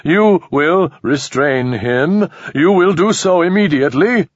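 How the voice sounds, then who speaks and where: A man voicing a cold alien hunter who speaks slowly, formally and with measured care, in a husky voice. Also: fairly high pitch, animated, no echo, voice pushed up. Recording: slightly dull lo-fi recording.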